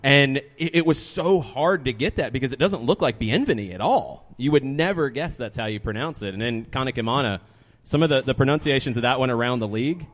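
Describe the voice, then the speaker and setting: A man's voice: medium pitch, expressive, brisk. A man, a soccer broadcaster, chatting easily at a live panel in a brewery and laughing often. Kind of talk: casual panel discussion.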